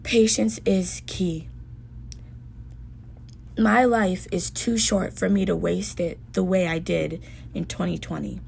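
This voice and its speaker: A woman's voice: fairly low pitch, fairly even intonation, takes it slowly, vocal fry, long pauses, slight background noise. A young woman hosting a podcast, speaking earnestly and emotionally in a personal monologue. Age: young adult. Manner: earnest, heartfelt self-talk with soft dips. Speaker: podcast host.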